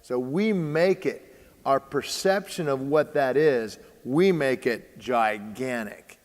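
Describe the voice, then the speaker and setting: In a slow, medium-pitched voice, a man who hosts baseball training chats casually, spinning a tale and voicing the people in it. He leans on uh and um a lot as he hesitates. A long hall reverb makes everything ring.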